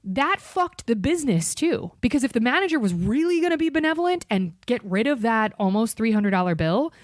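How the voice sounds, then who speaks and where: Woman, podcast host, casual storytelling, animated, profane, lively pitch, dry close sound. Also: a little fast, no room sound. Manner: animated, profane, acts out every character in the story.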